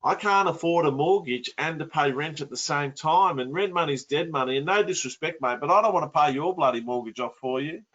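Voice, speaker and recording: A man's voice: medium pitch, moderate pace, fairly bright tone, dull audio, natural voice. A man voicing an upset everyday bloke in a story, speaking. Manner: complaining, exasperated.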